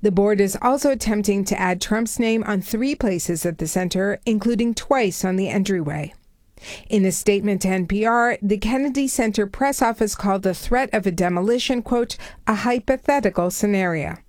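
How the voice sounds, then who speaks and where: A woman's voice: mid-range voice, moderate pace, darkish tone, no echo. Female reporter, mid-range voice, precise read, dry. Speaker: correspondent. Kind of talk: scripted news report.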